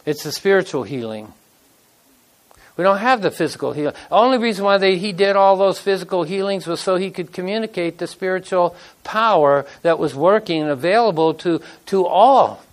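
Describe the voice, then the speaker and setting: This sixty-something man preaches with a high-sitting, expressive voice at a moderate pace. His sermon is casual and homespun, full of stories, and he performs quotations in plain, chatty speech as a pastor would.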